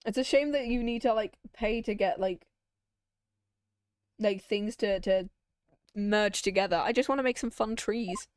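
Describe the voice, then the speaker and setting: A woman's voice: medium pitch, measured pace, pauses often, a little mellow, no echo, studio quality. A young woman streamer chatting casually while she plays a game, rambling, giggling and easily sidetracked. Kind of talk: casual let's-play chat.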